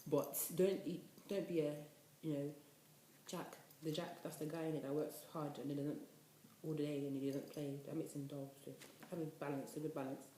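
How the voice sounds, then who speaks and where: A woman's voice: sits low, normal speed. Chatty young woman in an echoey room. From United Kingdom. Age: 20s. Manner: chatty, animated, preachy asides. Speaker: university student vlogger. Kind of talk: casual advice vlog. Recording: echoey room, faint noise.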